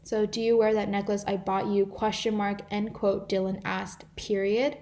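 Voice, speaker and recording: Teen girl, volunteer tutor, mid-pitched, explains punctuation step by step on a computer mic. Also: little pitch movement, moderate pace, a little mellow. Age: teens. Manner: explanatory, reads example sentences aloud. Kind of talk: online live class lesson.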